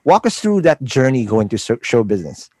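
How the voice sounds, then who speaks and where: A man from the Philippines hosting an interview, talking in an animated, encouraging way. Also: medium pitch, a little fast, no echo. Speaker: podcast host. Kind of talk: casual interview conversation.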